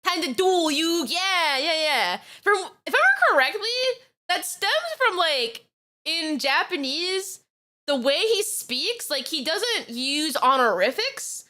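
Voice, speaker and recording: A young woman streamer from New York, chatting casually and rambling through her thoughts with lots of fillers and giggles. Her voice is high, bright and very lively in pitch. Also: measured pace. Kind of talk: casual reaction stream chat.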